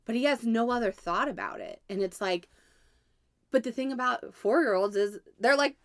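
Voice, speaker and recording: A woman's voice: medium pitch, expressive, brisk, no room sound, clean studio sound. A woman in her thirties, co-hosting a casual podcast chat and telling a family story in a chatty way, laughing often. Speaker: podcast co-host.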